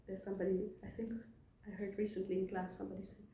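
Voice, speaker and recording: A woman's voice: mid-range voice, little pitch movement, fast talker, gravelly, warm tone, roomy sound, a little hiss or hum. A woman casually retelling scripture stories in a chatty way, laughing often. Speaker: devotee telling scripture stories. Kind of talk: casual storytelling talk.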